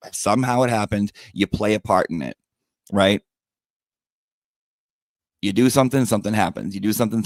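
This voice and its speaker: A man's voice: mid-range voice, darkish tone, no echo. A man hosting a podcast, telling a story of a quarrel in a sassy, profane, dramatic way and acting out both sides. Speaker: podcast host.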